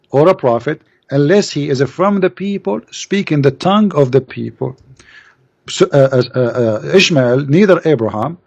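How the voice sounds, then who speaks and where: A man co-hosting a religious debate, arguing in halting, questioning speech full of fillers. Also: fairly high pitch, creaky, no room sound. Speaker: co-host. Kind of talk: apologetics argument.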